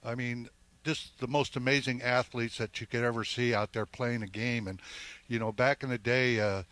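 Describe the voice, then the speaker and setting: An older man, a former baseball player, is a guest in a live interview at an outdoor golf event, telling stories in a rambling way with many restarts. His mid-range voice is a bit bright, with fairly even intonation at normal speed.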